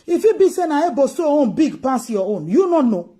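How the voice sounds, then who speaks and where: A woman's voice: high-pitched, sing-song, a little fast, warm tone. A Nigerian woman with an Edo Pidgin accent giving emphatic political commentary on a livestream, repeating her key phrases. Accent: Nigerian Pidgin English, Edo. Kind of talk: live-streamed political commentary.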